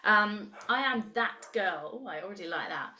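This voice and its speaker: A woman's voice: medium pitch, lively intonation, normal speed, pushed and bright. A woman in her thirties, leading a live online coaching session in an enthusiastic, chatty way and reacting to messages from the chat. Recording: roomy echo.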